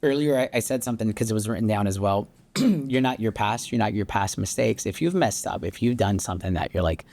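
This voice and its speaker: A man's voice: lowish voice, a little fast, vocal fry, darkish tone. A man in his thirties co-hosting a faith-based marriage talk, speaking earnestly and reflectively with frequent restarts. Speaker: podcast co-host.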